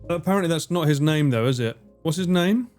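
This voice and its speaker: A man's voice: on the high side, animated, brisk, a little mellow, soft background music. A man from the UK, chatting casually on a gaming livestream, joking, swearing freely and laughing a lot. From United Kingdom.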